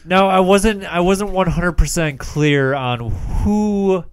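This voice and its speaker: A man's voice: high-pitched, slow pace, dry recording, studio quality. A man co-hosting a casual movie review podcast, laughing often and chiming in with short remarks. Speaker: podcast co-host.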